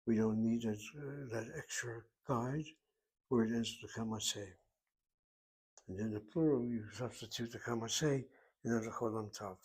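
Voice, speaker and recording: A man's voice: mid-range voice, normal speed, a little mellow, husky. A man teaching a Hebrew lesson, explaining grammar methodically step by step. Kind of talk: recorded language lesson.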